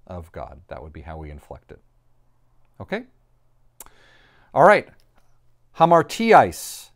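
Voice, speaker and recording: A man of ordinary pitch teaches a recorded lesson and walks through each answer with patience. He reassures his students and pauses to think aloud as he writes on the board. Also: clear, resonant tone. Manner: patient, reassuring, explains step by step. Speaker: Greek teacher.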